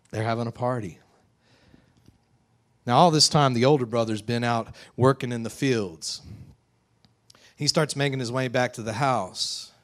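A man preaching a sermon, retelling a story in a lively, vivid way. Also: medium pitch. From West Texas. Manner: animated, vivid retelling with acted quotes. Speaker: pastor.

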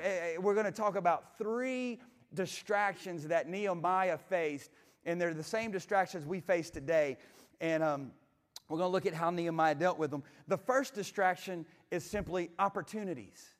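A man's voice: high-pitched, big-room sound. A pastor delivering a conversational sermon, often restarting and stumbling over words as he retells a scripture story. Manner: conversational preaching with frequent restarts and stammers.

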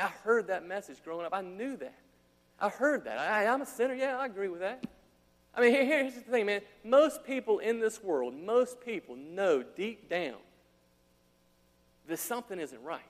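High-voiced animated male preacher in reverb. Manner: animated preaching, acting out quotes, casual slang asides. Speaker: pastor. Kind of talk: sermon. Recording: long hall reverb.

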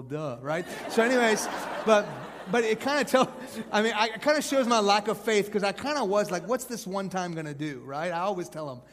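Animated preacher man in a reverberant hall. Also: high-pitched, slight background noise. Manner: conversational, swings from hushed to loud emphatic. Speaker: evangelist preacher. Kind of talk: sermon to college students.

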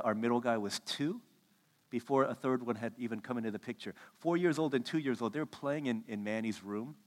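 A man in his thirties preaching a sermon, telling stories and acting out the quotes with lively energy. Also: medium pitch. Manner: animated storytelling, acts out quotes. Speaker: pastor. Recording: echoey hall reverb.

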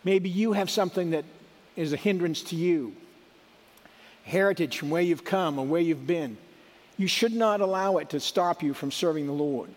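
A man's voice: on the high side, moderate pace, in a large hall. A middle-aged man giving a sermon in a conversational, folksy way, with asides and restarts. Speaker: preacher.

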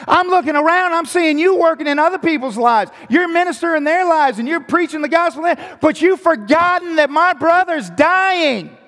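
A man's voice: very high voice, animated, moderate pace, hardly any pauses, fairly bright tone, big-room sound, pitched above the performer's own voice. A man voicing a grieving woman disciple who pleads with and accuses a friend who let her down. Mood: aggrieved. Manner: raised, pleading, accusing delivery. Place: church sanctuary.

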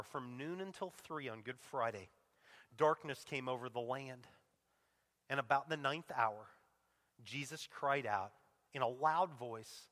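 A man's voice: mid-range voice, fairly bright tone. A middle-aged man preaching a sermon as a pastor, emotional and earnest, his voice sinking to a near-whisper at tender moments. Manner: emotional, drops to a near-whisper on quoted cries. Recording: long hall reverb.

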